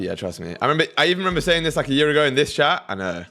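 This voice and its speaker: Young male streamer, casual and crude, mid-pitched, answering chat over soft background music. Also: very animated, racing. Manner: loose, crude, reads chat aloud. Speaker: livestream trading host.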